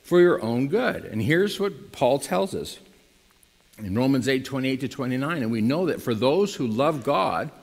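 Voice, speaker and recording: A man preaching a sermon to his congregation in lively style, now and then rising to loud emphatic bursts. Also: mid-range voice, moderate pace, gravelly, big-room sound. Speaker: pastor.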